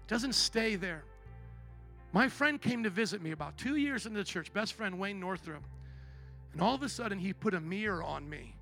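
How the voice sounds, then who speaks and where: Male pastor, high bright voice, testimony sermon, quiet then loud, faint music behind. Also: vocal fry. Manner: storytelling, swings from hushed to loud.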